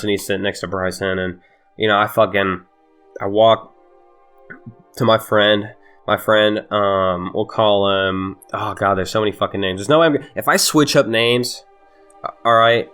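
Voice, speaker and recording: In a casual storytime, a young male vlogger heatedly retells events, swearing and laughing throughout. His voice sits fairly low and has a slightly bright quality.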